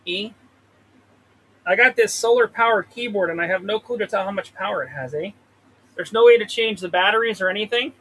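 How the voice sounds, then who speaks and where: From a trailer, a livestream host trades stocks, speaking to the chart in a high, pushed, bright voice while rambling and cursing. The low-quality audio, picked up by a pop-filtered desk mic, carries slight background noise.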